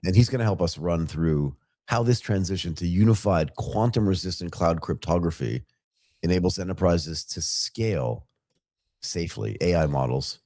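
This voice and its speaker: A man hosting a live tech podcast in a relaxed, rambling way, often restarting his sentences. His voice sits very low and sounds warm and mellow. The studio sound is dry and close. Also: moderate pace, no room sound. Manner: energetic, rambling with fillers and restarts. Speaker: podcast co-host. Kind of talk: casual tech news chat.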